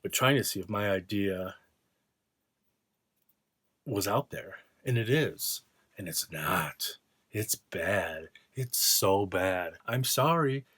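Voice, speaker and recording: A man's voice: medium pitch, dry recording. A man vlogging from his art studio, ranting casually in a sarcastic, profane, mocking way. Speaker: vlogger and artist.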